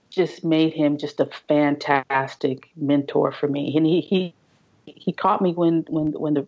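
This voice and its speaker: A woman guest on a podcast, telling her story in a halting way, restarting and repeating words. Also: deep voice, darkish tone, muffled recording. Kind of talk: casual interview storytelling.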